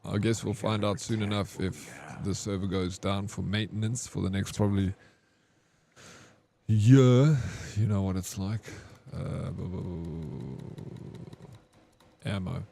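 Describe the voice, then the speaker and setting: A young South African man with a fairly low voice and a South African accent. He chats frankly and casually with his viewers during a game stream, swearing now and then and laughing easily. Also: steady tone, measured pace, creaky, long pauses, warm tone, a little hiss or hum.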